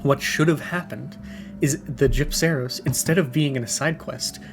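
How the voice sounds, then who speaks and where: Opinionated young man, mid-pitched voice. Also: normal speed, music in the background. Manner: opinionated, critical, rambling with fillers. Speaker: podcast co-host. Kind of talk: casual chat.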